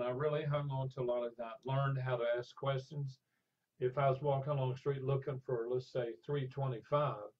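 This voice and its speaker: An older man spins an animated anecdote in an interview, with a husky, slightly rough voice at a middle pitch. He drops into the voices of the people in his story. The recording sounds dull and lo-fi. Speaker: interview guest.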